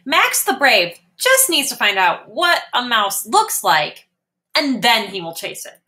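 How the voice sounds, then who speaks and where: A woman slowly and expressively reading a picture book aloud for young children. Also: on the high side. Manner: slow, clear and expressive. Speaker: storyteller.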